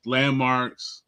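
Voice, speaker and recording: A man's voice: medium pitch, creaky. A man from Nashville co-hosting a casual movie and TV review podcast, ranting emphatically and swearing freely. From Nashville, Tennessee. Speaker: podcast co-host.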